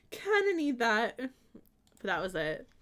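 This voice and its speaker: A bubbly young woman streamer, chatting with her chat in a light, somewhat high voice. She giggles often between her remarks and reads viewer messages aloud in a casual, friendly way. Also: wildly swooping pitch, extremely slow, fairly bright tone. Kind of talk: casual chat while playing a game.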